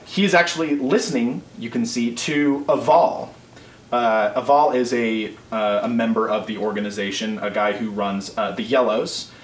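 A man's voice: medium pitch, steady tone, moderate pace. A man narrating as game master in a casual, rambling way, full of fillers and restarts. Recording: roomy, distant mic with faint noise.

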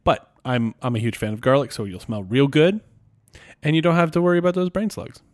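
A man's voice: mid-range voice, a little fast, no echo, studio quality. Teasing male podcast co-host. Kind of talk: casual podcast chat.

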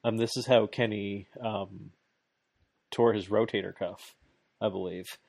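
A man in casual chat, recapping a match play by play with excitement, laughing often and restarting his sentences. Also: on the low side, unhurried, creaky, dry recording.

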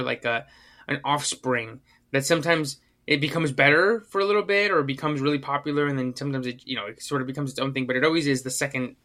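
A male podcast co-host talks through a casual chat at his own loose pace. His voice sounds bright and forward. He rambles, circling back with fillers and restarted sentences. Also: mid-range voice.

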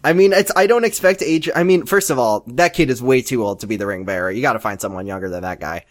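A man co-hosting a casual podcast and trading jokes about a show. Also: medium pitch. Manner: joking, quick quips. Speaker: podcast co-host. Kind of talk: casual recap chat.

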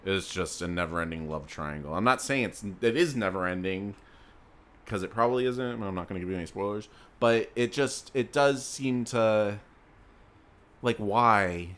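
A young man with a lowish voice co-hosting a relaxed podcast. He rambles through asides, trails off mid-sentence and laughs often. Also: normal speed. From South Florida. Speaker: podcast co-host. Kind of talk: casual chat.

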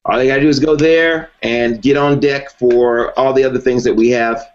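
A man who is a guest in an interview, talking in a measured way with frequent "you know" fillers. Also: mid-range voice, steady tone, a little hiss or hum. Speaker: guest, former reality race contestant. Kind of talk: conversational interview. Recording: dull lo-fi recording.

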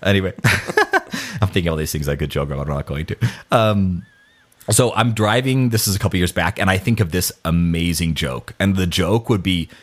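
A man's voice: deep voice, fairly quick. A man talking casually about scripture and his own failings, self-deprecating, with many false starts and restarts. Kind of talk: casual faith talk.

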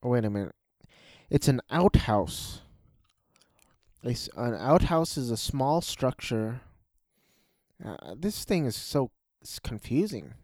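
A man's voice: medium pitch, big pitch swings, takes it slowly, pauses often, a little mellow, no echo, studio quality. A man casually reviewing cartoon specials in a rambling, hesitant way, with frequent restarts.

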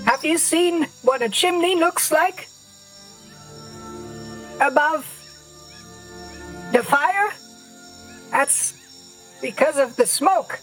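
A player voicing a small, scornful female creature at a tabletop game, mocking and scolding in a very high put-on voice. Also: extremely slow, pauses often, a bit bright, faint music behind, heavily acted, low-quality recording. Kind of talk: tabletop role-play in character.

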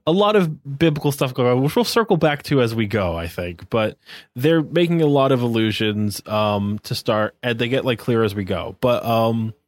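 A man's voice: mid-range voice, dry recording. A man co-hosting a podcast, talking casually in a rambling, wry way with many fillers. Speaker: podcast co-host.

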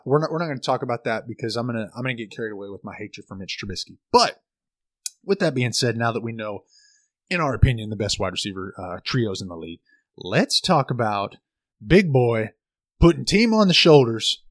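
A young man co-hosting a sports podcast, talking fast with lots of restarts and repeated words. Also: mid-range voice, dry recording. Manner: animated, stammering restarts. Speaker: podcast co-host. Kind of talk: casual sports chat.

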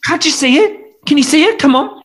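A man playing a gushing, scatterbrained theatre director who flatters his cast. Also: extremely high pitch, fairly quick.

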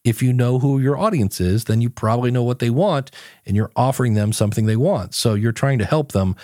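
A man's voice: medium pitch, brisk, mellow, no room sound, studio quality. A man guesting on a podcast, telling stories in a casual chat and acting out his own quotes.

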